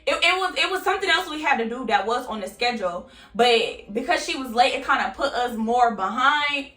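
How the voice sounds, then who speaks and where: A woman's voice: fairly high pitch, expressive, fairly quick, pushed and bright, recorded from a distance. A young woman vlogger telling a candid, casual story and swearing freely. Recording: roomy, off-mic, faint music.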